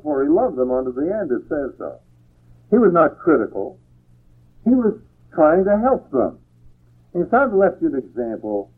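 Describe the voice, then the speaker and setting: A man's voice: mid-range voice, husky. A man preaching a sermon, reading scripture aloud and then explaining it in a plain, folksy way. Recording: tinny phone-like radio broadcast.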